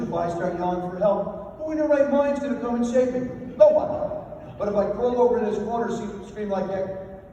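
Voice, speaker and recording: A man's voice: sits high, dark tone. An older man giving a humorous motivational after-dinner speech, telling self-deprecating stories. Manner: anecdotal, self-deprecating storytelling. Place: banquet hall. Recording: echoey hall from far off, faint noise.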